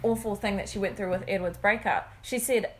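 A woman's voice: mid-range voice, fairly even intonation, a little fast, slight background noise. A young woman in casual chat, eagerly retelling a story full of "like" and acted-out quotes. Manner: chatty, filler-heavy, acts out quotes. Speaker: friend recapping a story.

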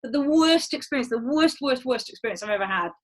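A woman in her thirties telling a frank, animated personal story in casual chat, acting out quoted voices. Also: sits high, fast talker, rough recording.

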